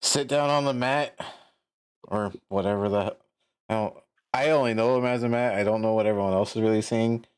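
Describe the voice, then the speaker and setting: Halting man playing at the game table. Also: lowish voice, fairly even intonation, clear, resonant tone. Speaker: player.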